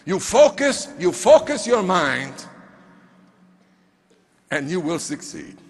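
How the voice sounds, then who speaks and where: A man's voice: high-pitched, big pitch swings, slow, heavily acted. A man voicing a small, insistent male mentor who drills questions in clipped, broken phrasing, heard in a reverberant hall. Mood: demanding.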